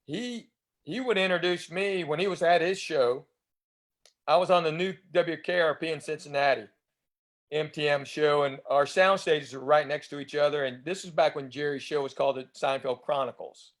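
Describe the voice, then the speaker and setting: A man's voice: on the high side, normal speed. A man in his fifties with a Southern US accent, a comedian chatting as a guest and telling rambling stories. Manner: chatty, rambling, acts out other people's lines. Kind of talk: casual anecdotal storytelling.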